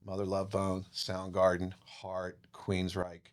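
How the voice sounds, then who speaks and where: A man in his fifties, a podcast guest telling stories in a casual, profane, animated way. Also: low-pitched, takes it slowly. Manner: profane, animated, acts out quoted voices. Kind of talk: casual storytelling chat.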